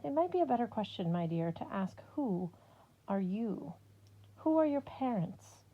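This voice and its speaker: A woman voicing a calm, regal goddess in a girl's form, who speaks in a slow, measured, formal way. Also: medium pitch, lo-fi sound. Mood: gentle.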